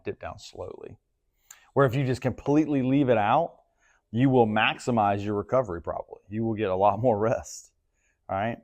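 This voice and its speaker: A man's voice: fairly low pitch, creaky, a little mellow. A man coaching a class in a gym, talking casually and checking in with frequent questions. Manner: casual, asks the group questions often. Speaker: strength coach.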